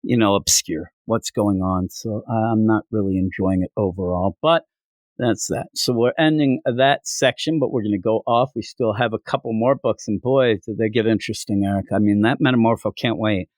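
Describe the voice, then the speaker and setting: A man co-hosting a comic book podcast in casual review chat, animated and prone to acting out dialogue. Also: fairly low pitch, moderate pace, dry recording. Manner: animated, acts out dialogue with loud outbursts. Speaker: podcast co-host.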